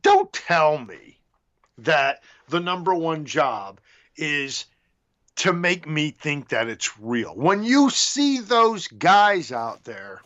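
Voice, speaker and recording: A man's voice: a little high, sing-song, slow pace, a bit bright. A man co-hosting a wrestling podcast, talking bluntly and scoffing. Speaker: podcast co-host. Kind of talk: casual podcast rant. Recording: dull lo-fi sound.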